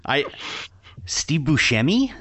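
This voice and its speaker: Slow-talking man with dry quips. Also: a little high, sing-song, fairly bright tone. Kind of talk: casual chat.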